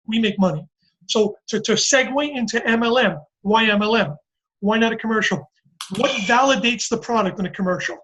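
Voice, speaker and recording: A man giving a casual sales pitch to a group call, telling stories and acting out quotes. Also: brisk, a little hiss or hum, poor audio. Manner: animated, storytelling, acts out quotes. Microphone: call microphone.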